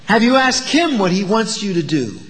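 A man preaching a sermon, asking the listeners rhetorical questions and moving between loud, emphatic lines and quiet asides. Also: high-pitched, big pitch swings, moderate pace, long reverb tail.

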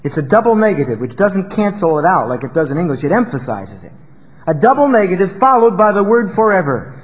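A male pastor preaching a sermon in an emphatic style, rising to loud peaks and dropping low. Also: sing-song, fairly quick, long reverb tail.

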